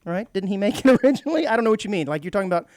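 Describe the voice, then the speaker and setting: A man's voice: high-pitched, lively intonation, racing, darkish tone, no echo. A man co-hosting a radio talk show, reading news items and trading dry, teasing quips in casual chat. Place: radio studio.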